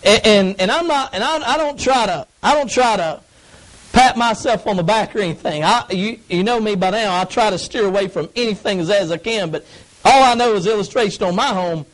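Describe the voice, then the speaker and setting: Man, very high voice, folksy emphatic preaching, youth sermon. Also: a little fast, poor audio. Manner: folksy, emphatic, acts out grumbling kids. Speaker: youth pastor.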